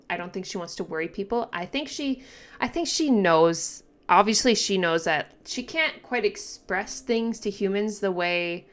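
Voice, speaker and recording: A woman reacting casually to a manga, thinking aloud with lots of fillers and restarts, and breaking into excited exclamations and giggles. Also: medium pitch. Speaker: manga reaction channel host.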